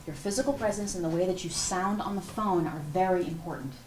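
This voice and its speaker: A woman's voice: fairly low pitch, fast talker, a little mellow, a little hiss or hum. A woman running an interview-skills workshop, giving direct, hands-on coaching to a class. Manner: direct, coaching, demonstrating poses. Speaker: workshop instructor. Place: large room with a class. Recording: roomy hall audio from far off.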